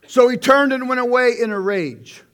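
A man preaching a conversational sermon, swinging between loud outbursts and hushed asides. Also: very high-pitched, creaky. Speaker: pastor.

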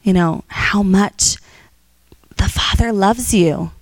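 A woman giving an informal church teaching to a class, telling stories with lively quoted voices and frequent fillers. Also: mid-range voice, slow pace, dry recording.

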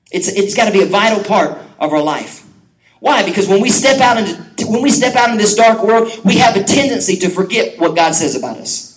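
A middle-aged man preaching a sermon, animated and joking with quick asides to the congregation. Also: sits high, low-quality recording. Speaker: pastor.

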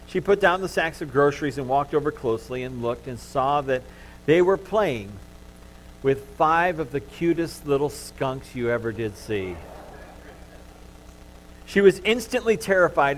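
A man's voice: fairly high pitch, moderate pace, slight background noise, poor audio. Pastor man preaching a sermon. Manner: animated storytelling, softening to gentle comfort. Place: church.

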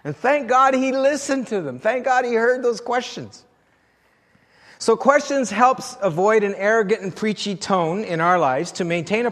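A man's voice: sits high, fairly bright tone, big-room sound. A man preaching a sermon in a conversational way, putting rhetorical questions to the congregation. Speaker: pastor.

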